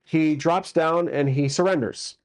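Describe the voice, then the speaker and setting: A man's voice: on the high side, unhurried. A man casually narrating a solo tabletop game as its game master, with crude jokes and many fillers.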